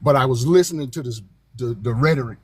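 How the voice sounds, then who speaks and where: Older man, panel caller, husky, blunt, aggrieved. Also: medium pitch, quick pace, no echo. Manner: aggrieved, blunt, talks back. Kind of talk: casual call-in.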